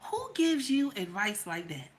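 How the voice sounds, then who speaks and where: A woman's voice: medium pitch, huge pitch swings, unhurried. A woman telling a personal story as relationship advice, emphatic and constantly checking in with her listeners. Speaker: vlogger giving relationship advice.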